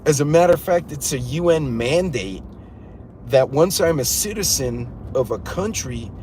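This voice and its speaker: A man's voice: on the high side, normal speed, a little hiss or hum. Incredulous middle-aged man ranting on a livestream. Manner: incredulous, animated storytelling. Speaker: livestream host. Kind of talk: casual livestream rant.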